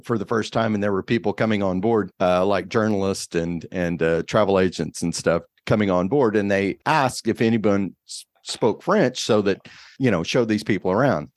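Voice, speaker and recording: A man's voice: fairly low pitch, normal speed, no echo. A man hosting a casual interview who laughs easily and tells loose, easygoing anecdotes. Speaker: podcast host.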